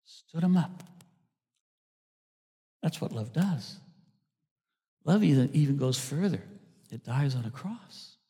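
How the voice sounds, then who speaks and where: A man, a pastor, preaching a sermon, swinging between loud emphasis and hushed asides. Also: on the high side, animated, slow, pauses often, husky. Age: older. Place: church sanctuary. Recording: church hall reverb.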